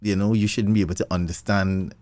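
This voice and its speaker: Male co-host, deep and lively, conversational, dry recording with soft music bed. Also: brisk, dry recording. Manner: animated, laughs often, rising emphasis. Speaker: podcast co-host. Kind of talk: casual conversation.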